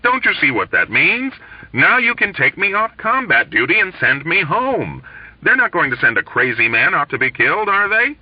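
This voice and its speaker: A man's voice: on the high side, sing-song, moderate pace, breathy edge, dry recording, voice pushed up. A man voicing a desperate, indignant young male airman who talks in a frantic, emphatic way. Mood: frantic insistent. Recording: dull lo-fi dry recording.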